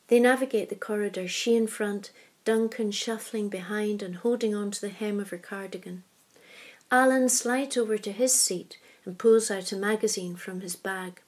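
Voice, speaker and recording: Soft-spoken woman reading a story. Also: mid-range voice. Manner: soft, hushed narration. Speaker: narrator.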